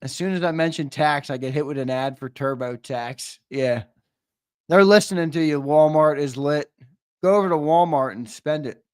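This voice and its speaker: A man hosting a livestream, teasing and swearing in loud, casual banter with his viewers. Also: a little high, normal speed, smooth. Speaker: host.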